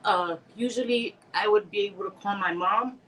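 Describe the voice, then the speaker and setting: This woman reads and responds to viewer comments on a casual livestream, rambling and heartfelt, tearing up but laughing through it. A lingering bad cold leaves her slightly stuffy. Her mid-range voice is fairly bright at normal speed, and the rough recording has a little hiss or hum.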